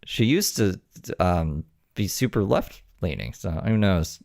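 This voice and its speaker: A man's voice: deep voice, animated, slow, gravelly, darkish tone, no echo, studio quality. A man giving casual, sarcastic and profane reaction commentary.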